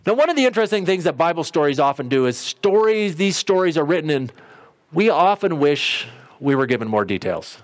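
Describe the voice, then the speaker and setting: A man's voice: a little high, very animated, brisk. A middle-aged man preaching a sermon in a conversational storytelling way, briefly acting out quotes. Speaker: pastor.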